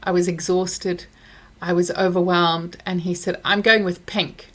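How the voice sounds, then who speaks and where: Candid woman vlogger talking to camera. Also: measured pace. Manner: candid, reflective, recounts dialogue with lively pitch swings. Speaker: vlogger, parent. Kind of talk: casual chat to camera.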